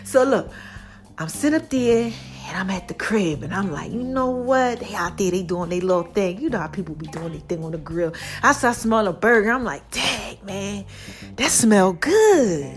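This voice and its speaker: A woman hosting a casual solo talk show, playful with a drawn-out sing-song delivery, a little out of breath. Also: mid-range voice, animated, soft background music. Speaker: show host.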